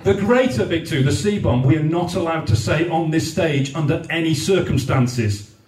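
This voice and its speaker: Recorded from afar in an echoey venue hall, a man with a highish voice and darkish tone speaks at normal speed during his comedy-night stand-up. The set is crude and full of swearing, with acted-out raised voices of other people.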